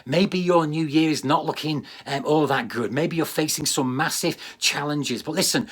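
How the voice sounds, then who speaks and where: Man, british accent, church sermon, husky voice, slightly high pitch, emphatic repetition. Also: a little slow, hardly any pauses, a bit bright. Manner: earnest, emphatic preaching with repeated phrases. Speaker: pastor. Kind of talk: livestreamed sermon.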